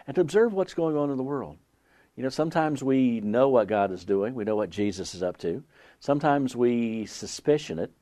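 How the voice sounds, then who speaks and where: A man's voice: mid-range voice, warm tone, no echo. A man preaching a sermon, reading scripture aloud and asking the congregation earnest rhetorical questions. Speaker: pastor.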